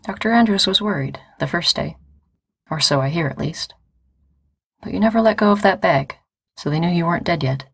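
A woman's voice: fairly low pitch, animated, a little fast, breathy edge, dry recording. A woman reading the part of a fellow woman carrier, grave with a dry teasing edge.

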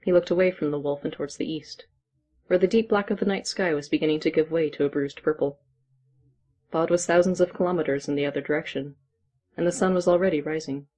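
Husky, mellow storybook narrator. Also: mid-range voice, steady tone, fast talker.

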